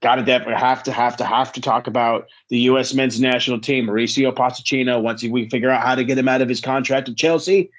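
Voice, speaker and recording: A man's voice: medium pitch, steady tone. Chatty male podcast host. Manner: chatty, plugging socials with quick asides. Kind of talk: casual podcast outro.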